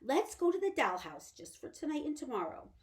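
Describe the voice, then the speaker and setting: A woman's voice: sits high, sing-song, a little fast, pitched above the performer's own voice. A woman voicing a tiny girl who speaks breathlessly and tremulously. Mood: tearful. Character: excited tearful young borrower girl.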